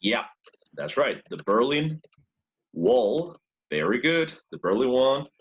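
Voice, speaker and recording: A man's voice: mid-range voice, very animated, slow pace, highs cut off. A man teaching an English class who praises students often, repeats their answers and switches between English and Spanish.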